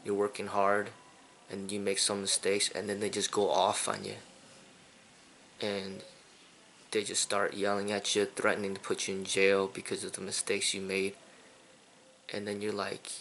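Gravelly low-voiced man ranting. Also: monotone, moderate pace, pauses often, fairly bright tone, a little hiss or hum. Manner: repetitive, indignant, many fillers. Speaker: kung fu channel host. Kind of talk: casual opinion monologue.

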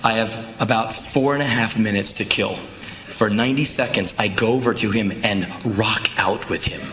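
A man performing live spoken word, telling stories in an intense, animated, profane way. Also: fairly low pitch, normal speed. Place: stage in a large venue. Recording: echoey live venue with crowd noise.

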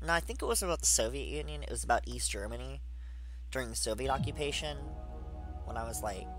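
A man in his thirties who is stoned, giving rambling, digressive gameplay commentary with excited outbursts. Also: medium pitch, fast. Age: 30s. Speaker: video game streamer. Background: game music.

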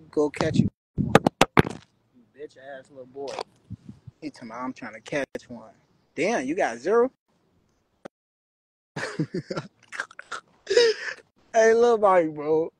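Gravelly young man taunting on a livestream. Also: fairly high pitch, slight background noise, rough recording. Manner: loud, swaggering street slang, taunting viewers. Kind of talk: casual livestream talk.

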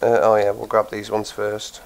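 A man's voice: lowish voice, monotone, normal speed, clear, resonant tone, poor audio. A man with a cold and a blocked nose, tired, chatting casually as he plays and thinks aloud with plenty of ums. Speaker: gaming channel host. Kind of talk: casual gameplay commentary.

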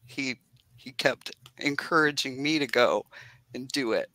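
A woman's voice: rumbling low, measured pace, sharp tone, dry recording, rough recording. A woman beekeeper talking earnestly and chattily on a video call, laughing often as she tells her story. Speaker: beekeeper guest. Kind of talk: casual video-call interview.

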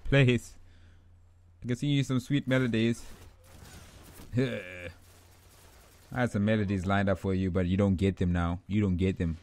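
A young man giving rambling, excitable commentary over his own gameplay, trash-talking opponents and himself. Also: on the low side, moderate pace, long pauses. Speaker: gaming YouTuber.

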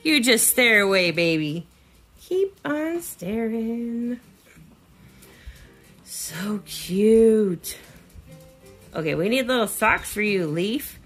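A woman doll artist chatting casually while she dresses a doll, cooing at it in a high baby-talk voice. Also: big pitch swings, a little slow, fairly bright tone, soft background music. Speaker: reborn doll artist and vlogger.

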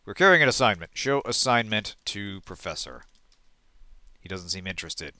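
A man hosting a let's play, reading game text aloud and thinking out loud, often trailing off and correcting himself. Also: lowish voice, lively intonation, moderate pace, dry recording.

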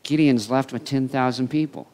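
A male pastor preaching a sermon in an animated storytelling way. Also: mid-range voice, normal speed. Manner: animated storytelling, acting out voices.

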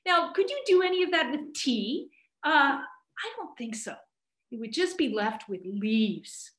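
High-voiced woman, comic debater, animated delivery, echoey video-call room. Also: measured pace. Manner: playful, theatrical emphasis. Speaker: faculty debater. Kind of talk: comedic debate speech.

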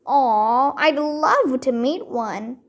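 An eager, chatty little girl from a storybook, bubbling over with excitement, as a woman reads her aloud. The voice sits high and the delivery is slow and careful. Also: husky, heavily acted. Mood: cheerful. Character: cheerful eager young girl.

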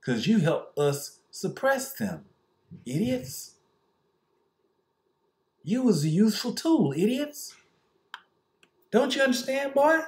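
A man's voice: very high-pitched, big pitch swings, takes it slowly, pauses often, voice pushed up, exaggerated voice. A man voicing a scheming white Southern power broker who talks down to poor whites, with a put-on Southern accent and a scornful, condescending manner.

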